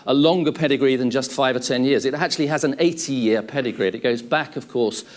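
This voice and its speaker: A middle-aged man with a mid-range voice gives an academic conference talk. He lectures in a measured way, laying out lists and restating his points.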